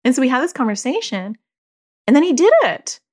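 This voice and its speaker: A woman's voice: sits high, sing-song, a little fast, a little mellow. A middle-aged woman, a parenting coach, giving casual advice in a chatty way full of "like" and "you know".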